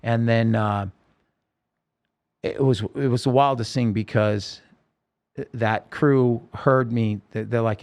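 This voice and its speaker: A man telling his own story in a podcast interview, earnest and halting, with many restarts. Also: mid-range voice, steady tone, creaky, a little mellow.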